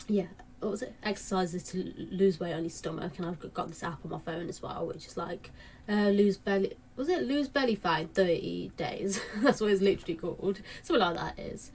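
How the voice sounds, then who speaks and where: A woman in her late twenties talks casually to camera at home, wandering through her thoughts with plenty of fillers and restarts. Her voice sits fairly low for a woman. A faint hum of ambient noise stays in the background. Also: a little fast, darkish tone. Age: late 20s. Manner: rambling, many fillers and restarts. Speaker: vlogger.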